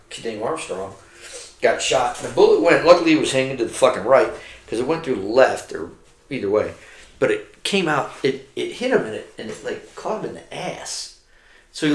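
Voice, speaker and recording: Middle-aged male veteran storyteller, mid-pitched, swears constantly, animated delivery, recorded in an echoey room. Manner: heavily profane, animated, acts out quotes. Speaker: army veteran telling war stories. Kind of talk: casual storytelling over drinks. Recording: roomy echo.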